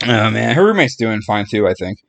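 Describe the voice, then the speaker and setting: A man's voice: fairly low pitch, very animated, fairly quick, vocal fry, fairly bright tone. A man hosting a casual podcast who keeps breaking into laughing fits. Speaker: podcast host. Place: in-person podcast room.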